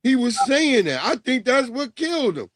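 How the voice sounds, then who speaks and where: A man's voice: extremely high pitch, big pitch swings, moderate pace, a bit bright, no echo, clean studio sound. A man on a casual podcast panel who rambles, swears, and stops often to search for names. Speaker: panel co-host.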